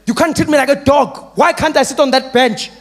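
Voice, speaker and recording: Loud, high-pitched angry protester, demanding and worked up, voiced by a man. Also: a little fast. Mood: indignant. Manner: shouting, demanding. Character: indignant male protester demanding rights.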